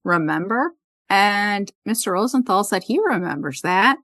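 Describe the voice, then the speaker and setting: A woman's voice: medium pitch, animated, unhurried, a bit bright, no echo. A woman hosting a podcast, casually retelling an episode's scenes and quoting the characters. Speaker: podcast host. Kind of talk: casual recap chat.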